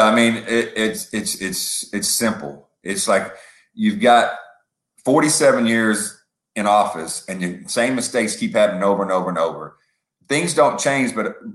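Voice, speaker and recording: A man's voice: lowish voice, a bit bright. Rambling male podcast co-host, echoey room. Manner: rambling, uses football comparisons, acts out quotes. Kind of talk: casual political commentary.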